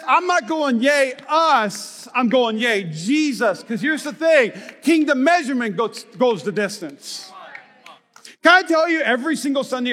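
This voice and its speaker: A man preaching a sermon as pastor. He tells stories with acted-out dialogue and breaks into energetic shouts. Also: very high-pitched. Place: large church hall. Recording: reverberant church hall.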